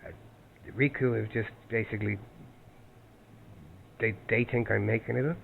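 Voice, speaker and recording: Man, lowish voice, halting caller, restarts often; phone-line sound with faint hiss. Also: steady tone, gravelly. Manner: halting, many restarts and repeated words. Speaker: caller seeking help. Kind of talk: telling his story on a phone call. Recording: tinny phone line, faint background noise.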